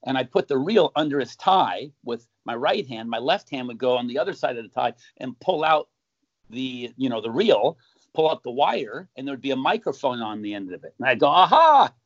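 A man, a magician guest in a casual interview, telling stories and acting out accusing voices with sudden loud jumps. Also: mid-range voice, expressive, moderate pace. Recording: dull, muffled sound.

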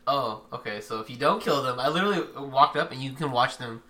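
A young man talks fast and excitedly, swearing freely as he tells gaming stories. His voice is bright and sharp. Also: medium pitch. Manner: excitable, profane storytelling about video games. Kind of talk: casual chat.

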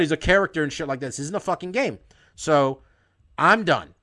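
Male podcast host, fired up, profane, bright forceful tone, stumbles and restarts. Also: a little high, expressive, a little fast. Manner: emphatic, profane, with many restarts. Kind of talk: heated podcast monologue.

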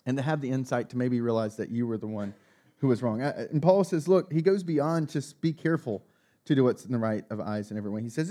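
A male pastor preaching a sermon, telling a personal story in an animated, self-mocking way. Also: a little high, quick pace.

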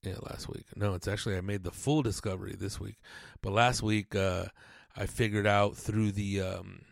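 A man's voice: on the low side, fairly even intonation, normal speed, gravelly, dry recording, clean studio sound. A man hosting a podcast, rambling casually and swearing often, with lots of fillers. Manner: rambling, profane, laid-back, lots of "dude" and fillers. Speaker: podcast host.

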